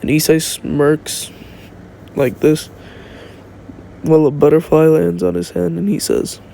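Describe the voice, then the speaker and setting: A man's voice: on the high side, level tone, a little slow, gravelly, dark tone, slight background noise. A young man casually making up a fan-fiction story as he goes, rambling and thinking aloud, recorded on his phone.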